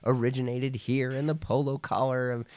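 A man's voice: mid-range voice, level tone, normal speed, darkish tone. A man speaking as a podcast guest, telling a loose, rambling story full of "like" and "you know", now and then acting out other people's lines, with a cough here and there. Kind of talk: casual storytelling.

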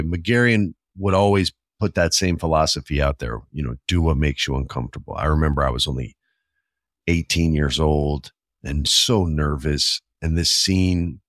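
A man with a very low, deep voice tells a story from his past in a loose, candid podcast manner, swearing freely. The sound is dry and close. He livens up sharply when he quotes people. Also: no room sound. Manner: candid, profane, animated when quoting. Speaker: podcast host. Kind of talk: casual storytelling.

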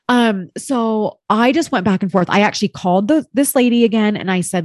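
A woman's voice: fairly high pitch, expressive, normal speed, a little mellow, no echo, clean studio sound. A woman in her thirties telling a personal story in casual chat, candid and chatty, with lots of "like" and some swearing.

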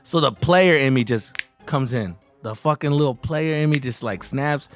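A man telling a wild personal story in casual podcast chat, animated and profane, acting out other people's lines in a raised voice. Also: mid-range voice, moderate pace, soft background music. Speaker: podcast guest.

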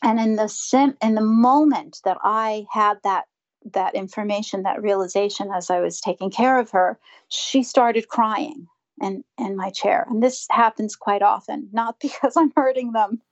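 A woman's voice: medium pitch, measured pace, dull audio. A woman dentist speaking earnestly and reflectively in a conversational interview, sometimes acting out what her patients say. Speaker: dentist guest.

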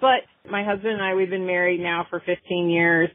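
A woman's voice: lowish voice, steady tone, a little fast, no echo. A woman in her forties, a coach guest on a podcast, chatting casually and telling a story with lots of fillers. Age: 40s. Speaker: guest, women's health coach. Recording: tinny, phone-like remote audio.

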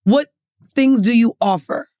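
High-voiced, playful woman co-host. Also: dark tone, dry recording, clean studio sound. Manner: playful, quick to laugh. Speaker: podcast co-host. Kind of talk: casual podcast chat.

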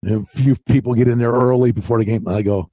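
A man co-hosting a sports betting podcast in casual chat, an animated storyteller who acts out other people's lines. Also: mid-range voice, fast, no echo. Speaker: podcast co-host.

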